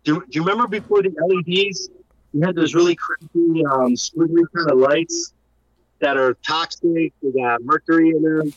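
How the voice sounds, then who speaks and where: A man's voice: on the high side, normal speed, no room sound. A male musician calling into a talk show, rambling and opinionated, heard over an internet call. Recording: dull, dry internet call audio.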